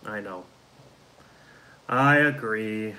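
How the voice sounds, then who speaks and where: Bright-voiced man hosting a tired live chat. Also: on the low side, extremely slow, a little hiss or hum, low-quality recording. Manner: reads out and answers viewer comments; frustrated, deflated fan talk. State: tired, yawning. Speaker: host of a live fan show. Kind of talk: casual live-stream chat.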